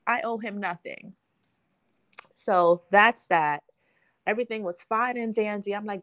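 A woman's voice: medium pitch, slow, pauses often, a bit bright, dry recording. A young adult woman hosting a podcast, telling a story in casual chat and acting out the quotes, laughing often. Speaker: podcast host.

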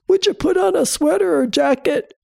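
A woman voicing a child's body as a talking figure that softly and politely pleads for care in a high voice. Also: moderate pace, gravelly, dry recording, studio quality, full character voice. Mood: pleading. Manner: soft, high, pleading requests.

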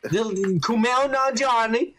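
A man's voice: extremely high pitch, slow, fairly bright tone. A man hosting a podcast, ranting heatedly and swearing a lot while reviewing a show. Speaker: podcast host. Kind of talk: casual ranting review chat.

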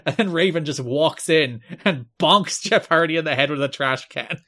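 A man's voice: a little high, normal speed, pushed and bright. A man co-hosting a casual wrestling podcast, recapping old episodes in a dry, wry way and laughing often. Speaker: podcast co-host.

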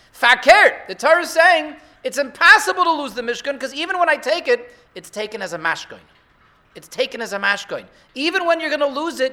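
High-pitched, bright-voiced rabbi giving a sermon. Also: male voice. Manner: rhetorical, builds to excited emphasis. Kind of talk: Torah sermon.

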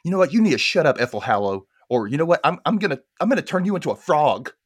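A man's voice: on the high side, very animated, fast, breathy edge, pitched above the performer's own voice. A man voicing a frustrated, defiant young schoolgirl witch who snaps in a raised voice. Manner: raised, snapping.

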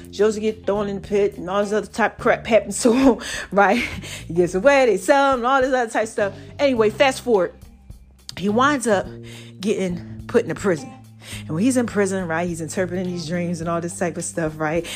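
A woman, telling a Bible story in a casual sermon style and often asking "right?". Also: medium pitch. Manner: chatty, keeps asking "right?". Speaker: podcast host.

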